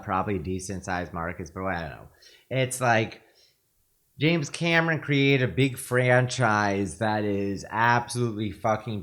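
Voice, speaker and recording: A man's voice: fairly low pitch, fairly bright tone. A man co-hosting a podcast, chatting in a casual, opinionated way with offhand fillers.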